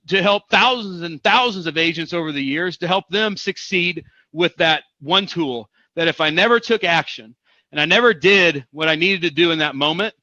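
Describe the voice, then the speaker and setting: A man from Missouri giving a motivational real estate coaching talk, energetic and emphatic, repeating phrases for punch. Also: a little high, no room sound, dull audio.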